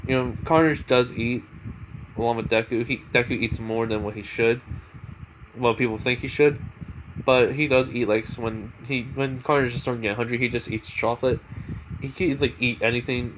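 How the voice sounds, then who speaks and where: A man's voice: medium pitch, steady tone, moderate pace, noisy background. A young man retelling his own fan story off the cuff, rambling with lots of fillers and self-corrections.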